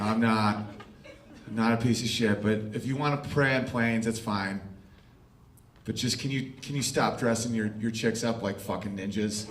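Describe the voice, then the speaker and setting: A middle-aged man doing a crude, brash stand-up comedy set on a club stage, acting out quoted exchanges as the audience laughs. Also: medium pitch. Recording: roomy live club sound from a distance.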